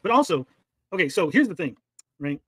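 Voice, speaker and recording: A man's voice: high voice, big pitch swings, fairly quick, fairly bright tone, breathy edge, no echo. A man hosting a livestream, arguing heatedly and swearing as he reacts to clips. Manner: heated, argumentative, swears a lot. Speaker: livestream commentary host. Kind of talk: casual profane stream commentary.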